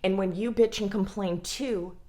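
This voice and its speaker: A woman's voice: mid-range voice, fairly even intonation, normal speed, a little mellow. A woman vlogger talking casually about mental health in a blunt, frank way, swearing freely. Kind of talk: casual talk to camera.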